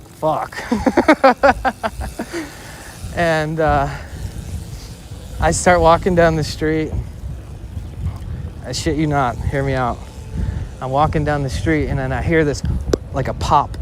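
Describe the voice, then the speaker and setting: A man's voice: fairly high pitch, slight background noise. A man in his twenties telling a personal story in a casual, rambling way, swearing and saying "like" often while streaming outdoors on a city street. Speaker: IRL streamer.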